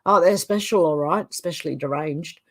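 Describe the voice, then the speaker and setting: A woman's voice: sits low, brisk. A middle-aged woman hosting a livestream, reading viewer comments aloud and chatting loosely between them. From Australia. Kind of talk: casual chat.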